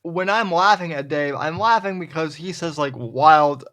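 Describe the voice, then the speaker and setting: A man's voice: a little high, normal speed, fairly bright tone. A man hosting a casual podcast discussion, speaking hesitantly and agreeably with many restarts. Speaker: podcast host.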